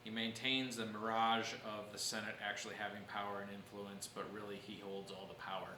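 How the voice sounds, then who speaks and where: A man with a low, bright-toned voice teaches a history lesson, laying out events step by step. He answers questions patiently. The sound is roomy, with a faint hiss behind him. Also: flat delivery, brisk. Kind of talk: church history class lecture.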